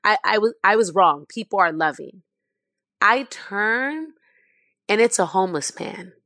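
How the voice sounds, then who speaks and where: A woman tells an emotional personal story, close to tears, her speech passionate and full of fillers and restarts. Her voice sits at an ordinary middle pitch. The recording is dry and close, with no room sound. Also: expressive, pushed and bright, no room sound. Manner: impassioned, many "like" fillers, halting restarts. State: near tears. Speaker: guest.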